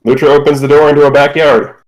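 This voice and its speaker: A man's voice: on the high side, level tone, fast talker, poor audio. A man narrating as game master of a casual tabletop role-playing session, describing scenes and calling for checks, laughing often.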